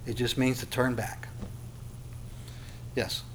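A man preaching a sermon, animated, asking rhetorical questions and repeating phrases for emphasis. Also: medium pitch, slow pace, a little hiss or hum. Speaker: pastor.

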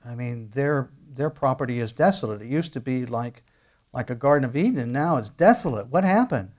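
A middle-aged pastor preaching in an easy, conversational way. His voice sits at an ordinary pitch for a man, and his talk is full of small restarts and fillers before he swells into loud, emphatic stretches. It sounds like a sermon delivered from the pulpit. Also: animated, fairly quick.

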